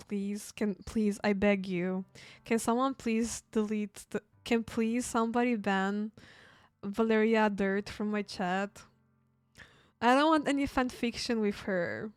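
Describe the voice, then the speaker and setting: A woman's voice: a little high, dry recording. A woman streamer reacting to a game and pleading with her chat, often laughing and exasperated. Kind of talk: live game commentary.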